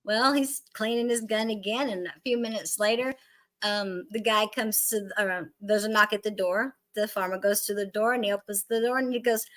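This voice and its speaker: A woman's voice: medium pitch, fairly even intonation, moderate pace, fairly bright tone. A woman co-hosting a casual chat, telling a joke in a giggly, rambling way and losing her place. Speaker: podcast co-host.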